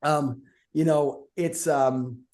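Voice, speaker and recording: A middle-aged man, a guest speaker, telling energetic stories in a podcast conversation and acting out the voices in them. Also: on the high side, extremely slow. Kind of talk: animated storytelling in a podcast conversation.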